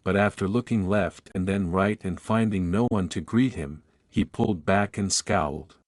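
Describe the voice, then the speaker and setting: A man reading a fan-fiction story aloud as narrator, in a flat, even storytelling manner. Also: low-pitched, moderate pace, no echo, clean studio sound.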